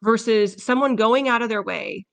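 Bright earnest woman co-host. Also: a little high, normal speed, gravelly, no echo. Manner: earnest storytelling, emotional. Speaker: podcast co-host. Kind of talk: casual chat. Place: home office recording studio.

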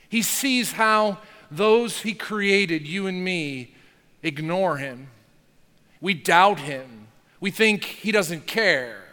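Bright-voiced preacher in an echoing hall. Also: male voice, high voice. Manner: emphatic, slows down on key words, casual asides. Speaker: pastor. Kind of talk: sermon.

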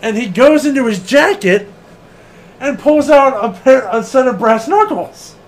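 A man co-hosting a casual wrestling podcast, animated and laughing often, swearing freely and acting out what people said. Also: very high voice, measured pace. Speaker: podcast co-host.

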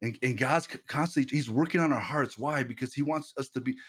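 A man in his thirties preaching casually on a livestream through a headset mic, animated and quick to repeat himself and laugh. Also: mid-range voice, breathy edge. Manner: animated, repeats words and restarts, laughs often. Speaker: streamer preacher.

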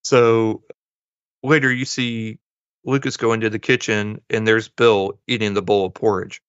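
A man's voice: fairly low pitch, flat delivery, measured pace, a bit bright, clear, resonant tone, dry recording. A man co-hosting a podcast, casually retelling a movie plot and acting out the characters' lines in passing. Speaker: podcast co-host. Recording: dull lo-fi dry sound.

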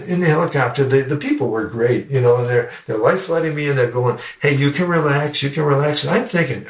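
Older man telling his story in a roomy echo. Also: medium pitch. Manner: earnest, repeats words while telling a story. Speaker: guest educator and speaker. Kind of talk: personal storytelling in a podcast interview. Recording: roomy sound, distant from the mic.

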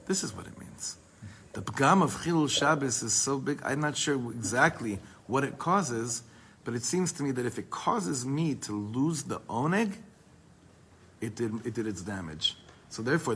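A man teaching a Torah class to a small group, quickly reading Hebrew passages and then explaining them in English in a lively way. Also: fairly low pitch, slight background noise, low-quality recording.

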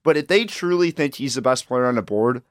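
A young man co-hosting a college sports show talks in a loose, rambling way. He restarts sentences and leans on filler words. His voice is mid-pitched and recorded close and dry in a studio booth. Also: lively intonation, fairly quick, dry recording. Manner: rambling, repeats words, hedges with "like". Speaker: co-host. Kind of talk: casual sports chat.

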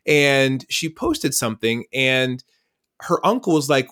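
A man speaking as a podcast guest, telling stories in a lively conversational way and acting out the dialogue. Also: medium pitch, unhurried, clean tone. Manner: lively storyteller who acts out dialogue. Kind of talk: conversational storytelling.

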